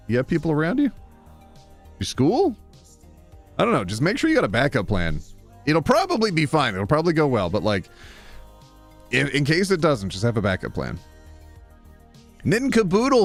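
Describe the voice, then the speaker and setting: Man, casual live-stream chat, lively swooping voice, playful and laughing, faint background music. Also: medium pitch. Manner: playful, reads donations aloud, laughs often.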